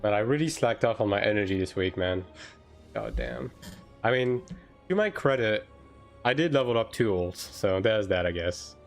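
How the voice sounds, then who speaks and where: A man with a low, creaky, animated voice chats casually on a live game stream, firing off quick, filler-heavy replies to chat. Faint music plays in the background.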